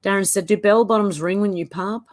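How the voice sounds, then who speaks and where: An Australian woman hosting a livestream, reading viewers' chat comments aloud with chatty asides and quick laughs. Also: mid-range voice, fairly even intonation. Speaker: livestream host.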